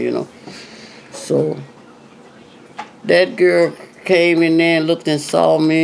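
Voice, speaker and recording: Gravelly-voiced older woman telling stories. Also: sits low, slight background noise. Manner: chatty, acts out quoted dialogue, frequent "you know". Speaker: retired singer, interviewee. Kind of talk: casual storytelling interview.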